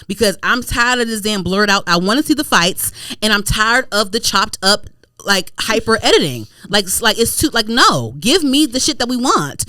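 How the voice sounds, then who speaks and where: A young woman from Maryland co-hosting a podcast, rambling through animated casual chat with lots of fillers. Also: a little high, normal speed, dry recording, studio quality. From United States, Prince George's County, Maryland. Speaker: podcast co-host.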